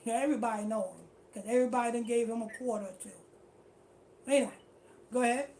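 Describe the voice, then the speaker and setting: A woman's voice: a little high, fast, a little mellow, a little hiss or hum. A woman teaching a street-style scripture class in slangy, repetitive talk. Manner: slangy, repetitive, keeps saying "you know what I'm saying".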